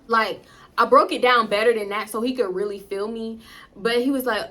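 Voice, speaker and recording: Woman vlogger spilling a story to her viewers, blunt and cussing, bright voice on the high side. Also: normal speed. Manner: animated, blunt, profane, talks straight to viewers. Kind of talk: casual storytime vlog.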